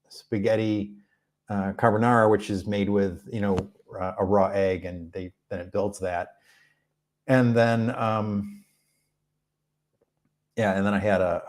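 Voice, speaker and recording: A man hosting a music channel, chatting casually on a live stream, answering viewer questions in a rambling, relaxed way with many fillers. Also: lowish voice. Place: rented room abroad.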